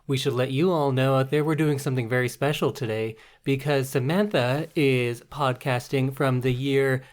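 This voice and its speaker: A woman hosting a podcast in casual chat, spinning absurd bits in a deadpan way. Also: extremely low pitch, normal speed. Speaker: podcast host.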